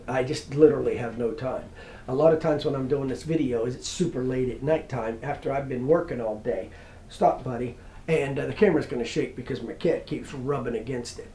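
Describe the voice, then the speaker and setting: A man's voice: mid-range voice, warm tone, slight background noise. A middle-aged man giving a casual guitar lesson at home, chatting and rambling in a folksy way. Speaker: guitar teacher. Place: home room. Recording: roomy home recording with guitar. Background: acoustic guitar strumming.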